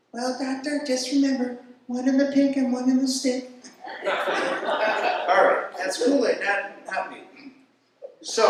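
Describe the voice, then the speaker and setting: Guy doing standup, kinda high voice, super echoey room, mic far off. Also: slight background noise. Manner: storytelling, animated voices for quoted people. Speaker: stand-up comedian. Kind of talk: stand-up comedy routine.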